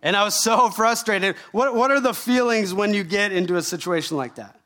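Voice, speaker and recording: Animated man preaching a sermon. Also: sits high, a little fast. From Canada. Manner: animated storytelling with rhetorical questions. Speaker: pastor.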